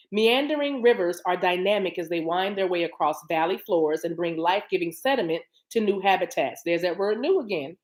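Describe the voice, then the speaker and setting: Woman, live-stream card reader, reads cards aloud and riffs to viewers, mid pitch. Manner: chatty and familiar, addresses viewers as y'all.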